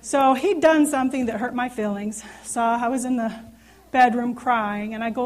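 A woman in her thirties teaches scripture to a small group into a handheld mic, her voice sitting a little high. She talks earnestly and conversationally, often pausing to ask whether her listeners follow. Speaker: Bible study teacher. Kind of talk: informal sermon teaching. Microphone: handheld microphone.

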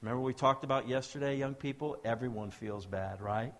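A man's voice: mid-range voice, a little fast. A man preaching a sermon to young people and adults, talking to them directly and asking them to answer back. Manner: swings between soft and loud, rising to emphatic exhortations.

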